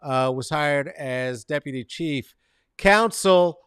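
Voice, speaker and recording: A man hosting a comedic commentary show, rambling and sarcastic, swinging between mumbled asides and loud outbursts and talking to viewers by name. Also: mid-range voice, unhurried, no room sound, clean studio sound. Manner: talks to chat viewers by name. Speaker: show host.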